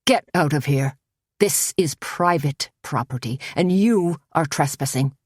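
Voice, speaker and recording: A strident, furious man shouts orders in slow, pounding phrases, as a woman reader puts him on. The voice sits low and is recorded dry and close, with no room sound. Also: husky, no room sound. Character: angry male cult leader, strident and shouting.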